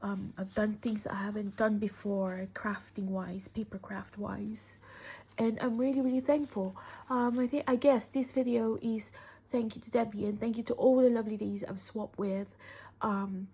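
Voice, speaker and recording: A woman, chatting tearfully and gushing as she unwraps gifts, often sinking into a soft whisper. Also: medium pitch, steady tone, moderate pace, slightly rough. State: teary. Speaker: craft vlogger. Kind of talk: casual unboxing chat.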